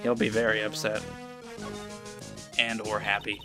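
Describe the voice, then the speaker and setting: A man's voice: medium pitch, moderate pace, sharp tone, faint music behind. A man giving casual gameplay commentary with crude, joking asides. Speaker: let's player.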